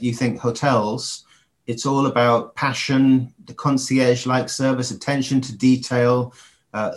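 An English man in his forties, a guest on a podcast interview, talking reflectively with frequent ums and restarts. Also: mid-range voice. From England.

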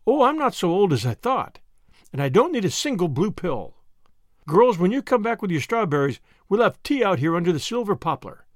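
A man's voice: sits high, big pitch swings, a little fast, no room sound, studio quality. A man reading aloud as a wistful, romantic middle-aged woman who talks in a sighing, dramatic way in an audiobook. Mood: delighted.

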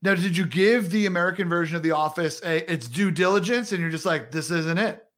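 A man's voice: sits high, fast, fairly bright tone. A male podcast host in casual chat, upbeat and chatty, laughing often.

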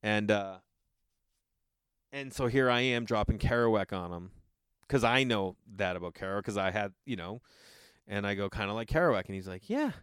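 A man's voice: fairly low pitch, moderate pace, pauses often, a bit bright, smooth, dry recording, clean studio sound. A man telling a rambling story in a casual way, with lots of fillers and some swearing.

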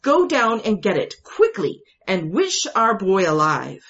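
A woman's voice: medium pitch, sing-song, unhurried, fairly bright tone, highs cut off. A woman voicing a desperate grieving mother who pleads and cries out in rising, frantic tones.

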